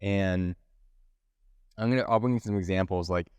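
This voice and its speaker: A man's voice: low-pitched, normal speed, darkish tone, clean tone, no room sound, lo-fi sound. A man hosting his own podcast, talking casually and candidly, rambling with many restarts. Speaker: podcast host. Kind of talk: casual solo podcast monologue.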